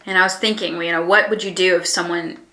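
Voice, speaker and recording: A woman teaching a conversational Bible lesson in an earnest, reflective way, pausing with ums and restarting her thoughts. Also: lowish voice, fairly even intonation, pushed and bright, roomy sound.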